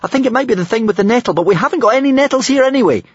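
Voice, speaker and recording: A man voicing a frightened young Viking boy who shrieks in high, panicky bursts. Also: expressive, very fast, slightly rough, dry recording, lo-fi sound, heavily acted. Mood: panicked.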